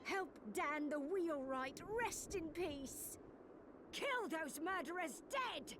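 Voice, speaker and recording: A grim quest-giver from a gothic video game, her voice very high and swooping as she gives solemn, commanding orders. Faint game music sits behind her. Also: expressive, slow, heavily acted.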